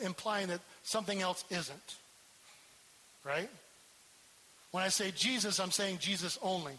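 A man's voice: sits high, bright, forceful tone, low-quality recording. A man preaching a sermon as pastor, emphatic and repeating key words for stress.

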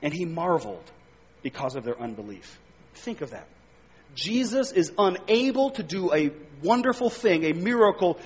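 Husky-voiced preacher in a reverberant hall. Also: male voice, fairly high pitch, very animated, moderate pace. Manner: expository preaching, reading scripture aloud with emphatic rises. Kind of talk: sermon. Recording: dull sound with long hall reverb.

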